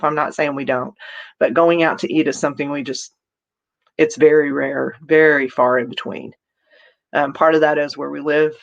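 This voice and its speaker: A low-pitched woman chats on a live stream, reading comments and greeting viewers by name as she rambles on. She's giggly and laughs often between remarks. The sound is lo-fi.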